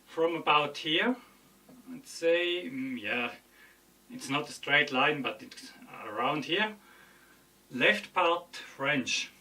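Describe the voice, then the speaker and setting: Slow, bright-voiced man explaining a map. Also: a little high. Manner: hesitant, searching for words. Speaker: video explainer. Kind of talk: casual explanation over a map.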